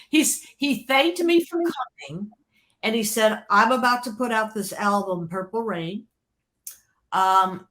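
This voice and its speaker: A woman, a former record label creative executive, telling stories in a podcast interview with lively excitement, restarting sentences and laughing often. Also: medium pitch. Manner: excited, repeats words and restarts, laughs often, swings between hushed and loud. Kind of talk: animated storytelling in a podcast interview.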